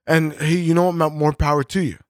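A man's voice: on the high side, flat delivery, a little fast, no room sound, clean studio sound. A man co-hosting a podcast in casual chat, swearing constantly and rambling with fillers and restarts. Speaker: podcast co-host.

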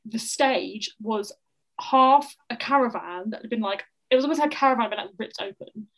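A young woman from the south of England, telling a stand-up comedy story over a video call in a rapid, laughing, sweary style. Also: fairly high pitch, low-quality recording. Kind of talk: casual storytelling chat.

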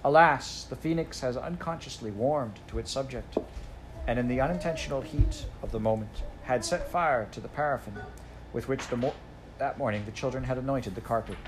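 A man reading a children's storybook aloud, in a measured, unhurried narration. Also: medium pitch, noisy background. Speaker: audiobook reader.

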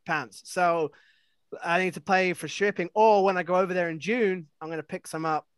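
Man, high-pitched, chatty and rambling, dry close sound. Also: steady tone, moderate pace, clean tone, no room sound. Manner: chatty, rambling, self-mocking. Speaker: podcast co-host. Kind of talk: casual podcast chat.

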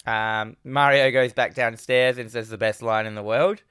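A man's voice: mid-range voice, fairly even intonation, moderate pace, a bit bright, clean tone, no echo, clean studio sound. A man co-hosting a podcast, casually recapping a film scene by scene and rambling as he goes. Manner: rambling, quotes scenes in put-on voices. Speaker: podcast co-host.

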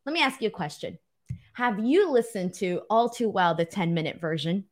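A woman's voice: mid-range voice, animated, normal speed. A woman co-hosting a casual wrestling podcast, reading viewer comments aloud and laughing often. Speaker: podcast co-host.

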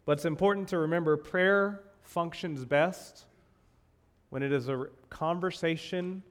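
A male pastor giving a sermon in a church, speaking conversationally and repeating key phrases, rising in pitch for emphasis. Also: unhurried.

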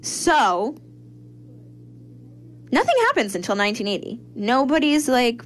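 A woman's voice: fairly high pitch, moderate pace. A young woman co-hosting a casual chat, retelling a crime story with swearing and acted-out voices. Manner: animated, acts out quoted people, swears freely. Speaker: podcast host.

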